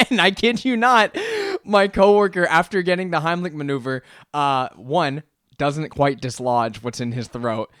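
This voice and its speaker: A young man co-hosting a podcast, telling a story in casual chat, lively and laughing often as he acts out what people said. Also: fairly high pitch, a little slow, no room sound, studio quality. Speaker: podcast co-host.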